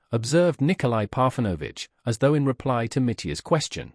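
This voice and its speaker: A man narrating a classic novel in an expressive audiobook reading. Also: medium pitch, normal speed, few pauses, no echo, studio quality.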